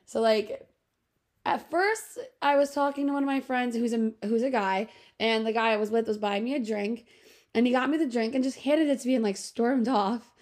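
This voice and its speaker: A young woman co-hosts a casual podcast. Her voice sits a little high, and she tells her stories in a chatty way with plenty of "like"s and laughs along the way. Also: normal speed, darkish tone. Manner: chatty storyteller, many "like" fillers, laughs often. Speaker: podcast co-host. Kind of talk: casual chat.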